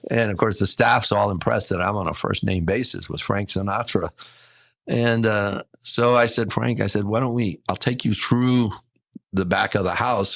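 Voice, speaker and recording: Older man telling a lively anecdote. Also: fairly low pitch, vocal fry, no room sound. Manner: lively anecdotal storyteller, acts out quotes. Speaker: hotel general manager, guest. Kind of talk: casual storytelling.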